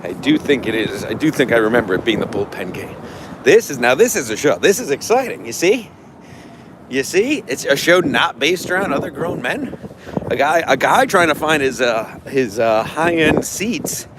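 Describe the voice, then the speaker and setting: This livestream host walks outside near a stadium, his medium-pitched voice very animated but at a normal speed as he brashly rants and boasts. Busy outdoor street sound runs throughout.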